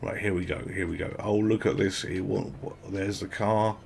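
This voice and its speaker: Man from Britain, casual gameplay commentary, rambling, excitable, lowish pitch. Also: moderate pace, gravelly, slight background noise. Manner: chatty and rambling, with excited exclamations.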